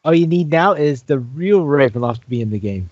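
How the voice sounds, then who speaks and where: Guy cohosting a gaming podcast, wry and teasing, bouncy pitch, kinda lo-fi. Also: lively intonation, a little fast, a little mellow, no room sound. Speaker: podcast co-host. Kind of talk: casual gaming news chat.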